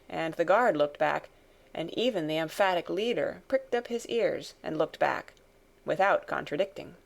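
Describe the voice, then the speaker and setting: Low, gravelly woman reading an audiobook. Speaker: audiobook reader. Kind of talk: audiobook narration of a classic novel.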